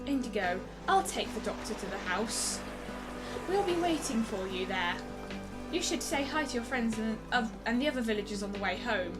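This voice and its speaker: A gentle mother dog speaks softly and calmly, as a woman voices her. The tone is warm and motherly. Game music plays in the background. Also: on the high side, normal speed, voice pushed down, natural voice, rough recording.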